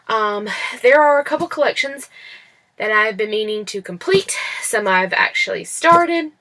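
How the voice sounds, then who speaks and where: A woman's voice: medium pitch, bright, forceful tone. A woman vlogging about a toy haul in casual chat at home, rambling with many fillers and restarts, recorded on a laptop microphone. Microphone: laptop built-in mic.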